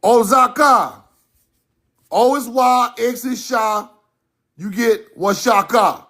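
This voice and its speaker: Slow, emphatic man lecturing over slides. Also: very high-pitched, fairly bright tone. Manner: emphatic, repeats points, directs slides.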